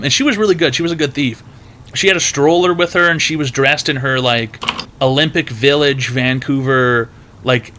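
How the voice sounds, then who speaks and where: Man, stream host, casual storytelling, rambling, profane, bright forceful voice. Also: mid-range voice. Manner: rambling, profane, heavy filler words.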